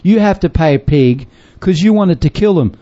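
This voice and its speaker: A man's voice: a little high, lively intonation, moderate pace, dark tone. An older man, a missionary, telling a story in a casual chat, acting out voices and laughing often. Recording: dull lo-fi sound.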